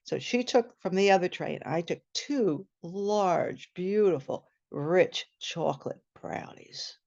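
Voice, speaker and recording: A woman telling a personal story at a storytelling event, animated and acting out the scene, over a video call. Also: lowish voice, takes it slowly, creaky. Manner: animated, laughing, acts out the scene. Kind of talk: personal story told live. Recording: muffled video-call audio.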